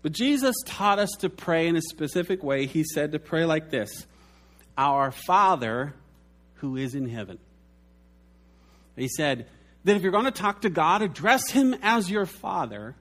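Male pastor, sermon delivery, storyteller who acts out quotes; slightly high voice. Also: fairly bright tone.

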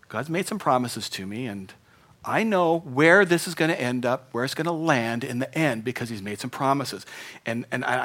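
A middle-aged pastor preaches a sermon in an earnest, conversational style, his bright, forceful voice at an ordinary male pitch. Again and again his delivery climbs into emphatic bursts.

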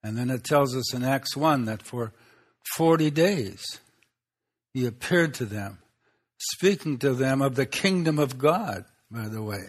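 Man preaching an unhurried sermon. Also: mid-range voice, animated. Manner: unhurried teaching with pauses and rhetorical questions.

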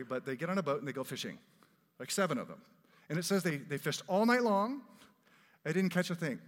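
Animated preacher in a reverberant hall. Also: male voice, on the high side. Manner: animated storytelling preacher, acts out quoted lines. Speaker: pastor. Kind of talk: sermon.

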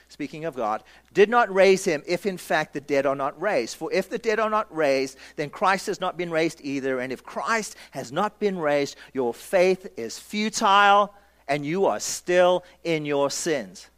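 Male pastor, higher register, lively emphatic sermon delivery. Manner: emphatic, acts out congregation voices, rhetorical questions.

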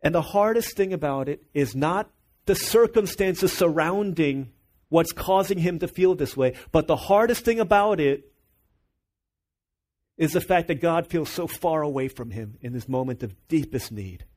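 A man's voice: on the high side, animated, normal speed, darkish tone. A man preaching a sermon, earnest and emphatic, asking the congregation rhetorical questions. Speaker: pastor.

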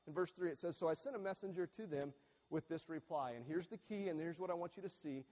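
A man's voice: a little high, fast, darkish tone, big-room sound. A male pastor preaching a sermon to a congregation, earnest and emphatic, who repeats key phrases and trips over and restarts his words. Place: church sanctuary with a screen behind him.

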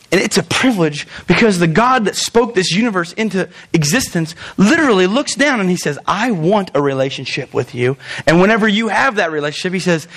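A young man preaching a sermon, animated, joking in asides and talking straight to his listeners. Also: high voice. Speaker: pastor.

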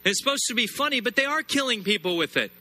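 A man preaching a sermon, emphatic, repeating words and slowing down hard on key lines. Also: extremely high pitch, animated, sharp tone. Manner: emphatic, repeats words and builds phrases, slows sharply on scripture.

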